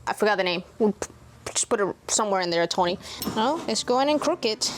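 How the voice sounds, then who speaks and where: A woman's voice: brisk, slight background noise. A woman chatting casually as she narrates a DIY woodworking project at home, thinking aloud and talking to her pets. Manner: chatty, talks to her pets in a high excited voice. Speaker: DIY vlogger.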